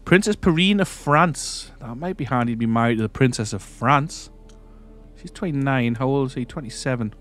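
A man's voice: medium pitch, moderate pace, a bit bright, soft background music. A man hosting a let's-play, casually thinking aloud as he plays a strategy game, often trailing off and restarting. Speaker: gaming channel host.

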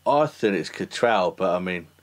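Male podcast host with a low voice, chatty and self-deprecating, laughs a lot. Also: animated, normal speed. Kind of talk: casual podcast chat.

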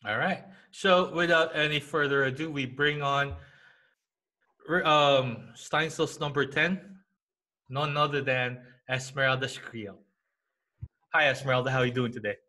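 A man's voice: medium pitch, steady tone, a little slow, pushed and bright. A man hosting a basketball podcast, chatting casually and upbeat with plenty of fillers. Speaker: podcast host.

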